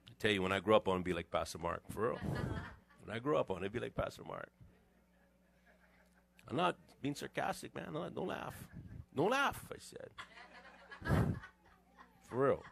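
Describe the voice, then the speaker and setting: A middle-aged man, preaching a conversational sermon as a pastor with animated, joking asides to his congregation. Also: fairly low pitch, fast talker, vocal fry, long pauses, slight background noise. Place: church sanctuary.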